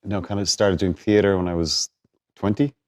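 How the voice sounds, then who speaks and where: A man's voice: deep voice, fairly even intonation, moderate pace, darkish tone. A man in his forties with an Irish accent, talking casually and hesitantly with another actor, often repeating words. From Ireland. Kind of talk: casual conversation between actors.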